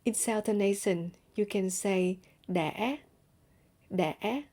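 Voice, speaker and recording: A woman teaching a language lesson, saying each example phrase twice, slowly and clearly, for learners. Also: mid-range voice, dark tone.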